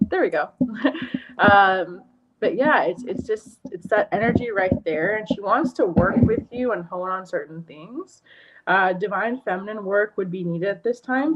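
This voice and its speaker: A woman's voice: mid-range voice, heavy background noise. A woman giving a livestreamed energy and tarot reading, rambling with many fillers and restarts. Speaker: energy healer and tarot reader. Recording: lo-fi muffled stream audio.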